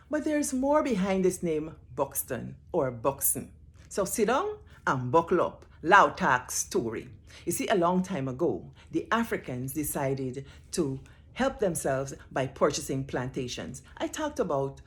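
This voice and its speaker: A woman with a Guyanese accent hosts a history lesson in a storytelling style. Her voice sits low but moves expressively. She leans on emphasis and teasing rhetorical questions to draw the listener in. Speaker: host.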